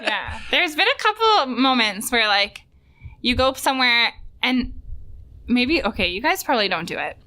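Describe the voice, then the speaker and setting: A young woman chatting on a podcast with a bright, ringing voice that sits a little high. She spins quick anecdotes and slips into the voices of the people in her stories. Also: very animated. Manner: chatty storyteller, acts out quotes. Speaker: guest. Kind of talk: casual chat.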